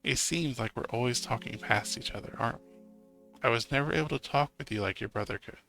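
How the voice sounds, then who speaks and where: A man doing a tired middle-aged mother, soft-spoken and regretful, sighing through her words. The voice stays bright with a gravelly edge. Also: mid-range voice, quick pace, soft background music.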